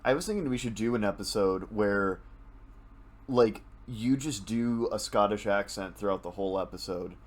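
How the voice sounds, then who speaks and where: A man with a fairly low voice chatting casually on a podcast. He delivers his jokes in a dry, offhand way. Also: moderate pace. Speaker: podcast co-host. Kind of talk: casual chat.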